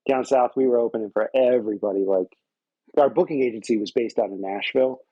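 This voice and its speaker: A man's voice: mid-range voice, fast talker, breathy edge, no echo, highs cut off. A man and guest musician telling loose, profane anecdotes in casual conversation on a close microphone. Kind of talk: casual storytelling.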